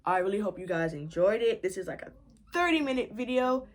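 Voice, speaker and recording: A woman's voice: medium pitch, lively intonation, brisk. A woman book vlogger at home, gushing in a casual review and repeating herself often.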